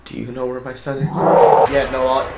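A man's voice: medium pitch, completely flat delivery, normal speed, vocal fry, very noisy, lightly acted. A man voicing a flustered, newly divorced mother searching for her son, rambling and breaking into shrieks. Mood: frantic. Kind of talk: comedic role-play over gameplay. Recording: roomy sound with game music.

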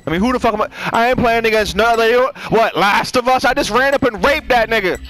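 A man's voice: extremely high pitch, brisk, a bit bright, poor audio. A young man giving crude, boastful, profane commentary while playing a game, often breaking into rapping. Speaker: gamer. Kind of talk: casual gameplay commentary.

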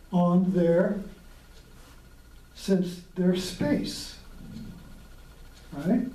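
A man's voice: high-pitched, mellow. A man hosting a casual spiritual talk, reflective and rambling, chuckling often as he explains. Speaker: podcast host. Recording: roomy sound from a distant mic.

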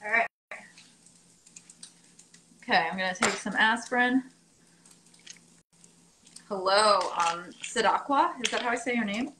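A woman's voice: medium pitch, steady tone, a little slow, pauses often, noisy background. A young woman chatting casually and rambling on a live stream while cooking, laughing often. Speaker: vlogger doing a live stream. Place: home kitchen. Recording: echoey kitchen with dish clatter. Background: clinking cutlery and dishes.

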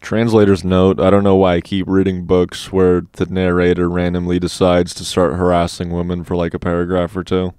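A man narrating an audiobook in a measured way, with wry asides. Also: low-pitched, completely flat delivery, a little mellow, smooth, no room sound, studio quality. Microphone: dynamic studio mic.

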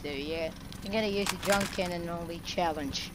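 A woman hosting her gaming channel, giving gameplay commentary with excitable bursts of shouted taunts. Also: on the low side, moderate pace, noisy background. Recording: loud game music over the voice. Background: loud game music and explosions.

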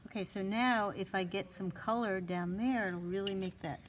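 A woman's voice: medium pitch, normal speed, a little hiss or hum. A woman instructor giving a live drawing demonstration to a small class, thinking aloud as she works and coaxing with short repeated cues.

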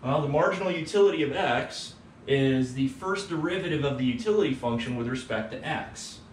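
A man's voice: mid-range voice, brisk. Brief: a laid-back male lecturer talking through math at home, heard from across an echoey room. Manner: relaxed, tags points with "right?". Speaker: economics teacher. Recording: roomy, distant mic, faint background hum.

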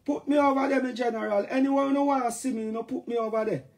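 A man with a Jamaican accent, rambling casually to his fans on a live stream and breaking into shouted catchphrases. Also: very high-pitched, fairly even intonation, quick pace. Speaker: dancehall artist talking to fans.

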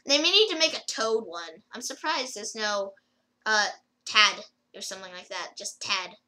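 A woman's voice: mid-range voice, animated, normal speed, bright, forceful tone, poor audio. A woman rambling casually through a gameplay video, with lots of fillers and restarts as she comments. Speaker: gaming video creator.

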